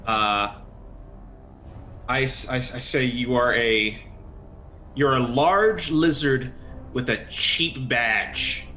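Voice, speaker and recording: A man's voice: mid-range voice, slow, pauses often, pushed and bright, a little hiss or hum. A man playing a tabletop game, talking playfully and stumbling over his words. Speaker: player. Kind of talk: tabletop role-play.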